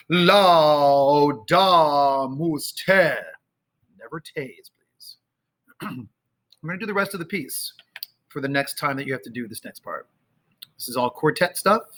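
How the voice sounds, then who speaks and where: Slightly high-voiced man teaching choir. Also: sharp tone, husky. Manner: sings and chants phrases slowly to demonstrate; conversational with fillers. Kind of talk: choral rehearsal instruction. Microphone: camera, sometimes moving off it.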